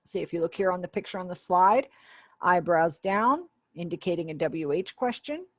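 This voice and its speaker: A woman's voice: on the low side, lively intonation, normal speed, a bit bright, no room sound, studio quality. A woman giving the spoken voice of a sign language teacher in an online class, explaining step by step in a conversational way with small asides. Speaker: ASL voice interpreter for a webinar teacher.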